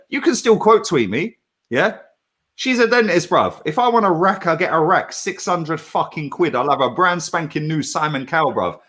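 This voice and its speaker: Brash middle-aged bloke, lively swings in pitch, sweary street slang, casual chat. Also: male voice, a little fast.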